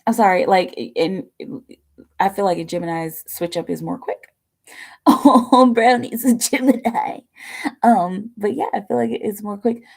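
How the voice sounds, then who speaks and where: A woman's voice: medium pitch, measured pace, creaky, a little mellow. A woman hosting a live tarot reading stream, talking in a chatty, rambling way with lots of fillers and casual swearing. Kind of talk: casual livestream chat.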